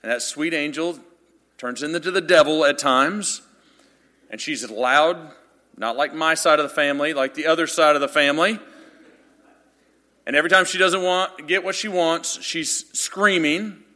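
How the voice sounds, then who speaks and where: A man in his thirties preaching a sermon, telling funny stories about himself and building up to loud, emphatic passages. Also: on the high side, normal speed. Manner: animated storytelling with self-deprecating humor, building to loud emphatic passages. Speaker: pastor. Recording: long reverb of a large hall.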